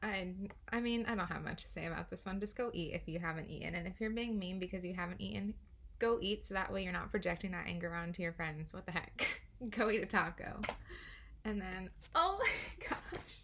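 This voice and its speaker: A woman's voice: on the low side, lively intonation, a little fast, vocal fry, a bit bright. Chatty giggly young woman reading cards. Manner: chatty, giggly, swears freely. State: out of breath. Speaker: tarot card reader. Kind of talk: casual card reading.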